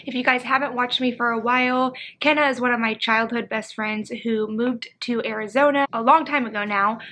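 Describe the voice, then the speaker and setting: A woman's voice: fairly high pitch, sharp tone, slight background noise. A young woman vlogger talking casually to camera, chatty and self-deprecating. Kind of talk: casual vlog talk.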